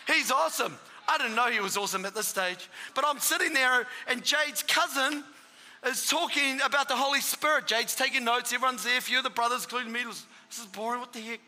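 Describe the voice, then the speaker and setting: A man in his thirties preaching and telling his testimony, excitable and bursting into shouts for emphasis. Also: extremely high pitch, brisk. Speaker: guest preacher giving testimony. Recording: reverberant hall with live audience.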